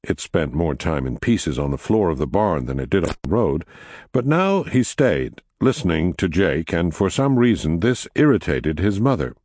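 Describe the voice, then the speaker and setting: A man narrating a novel in a measured storytelling manner, recorded on a close mic. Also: slight background noise. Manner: measured storytelling with expressive pitch. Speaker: audiobook narrator. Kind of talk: scripted narration.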